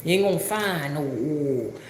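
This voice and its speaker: A woman's voice: sits low, expressive, measured pace, roomy sound, slight background noise. A woman with a Southern Alabama drawl, talking casually and rambling to a livestream audience, often asking if they understand. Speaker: spiritual rootworker livestreamer.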